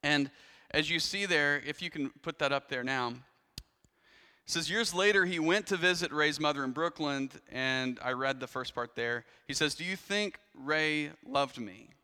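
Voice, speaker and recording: A man's voice: on the high side, normal speed, bright, forceful tone, clear, resonant tone, big-room sound. A man preaching a sermon in a church, telling a story in a conversational way with frequent restarts and asides. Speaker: pastor.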